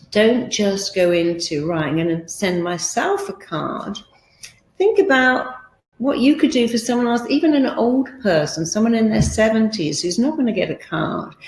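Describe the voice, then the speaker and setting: A middle-aged woman giving an emphatic motivational talk, acting out quoted voices as she coaches. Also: lowish voice. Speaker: therapist and motivational speaker. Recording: roomy echo.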